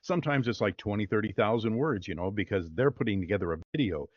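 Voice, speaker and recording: A man with a fairly low voice chats with an easy, rambling enthusiasm, stacking up fillers as he goes. The sound is dry and a little dull, like remote call audio. He speaks as an interview guest. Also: lively intonation, fast talker, no room sound. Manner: rambling, upbeat, lots of fillers. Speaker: voice-over artist guest. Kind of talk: casual interview talk.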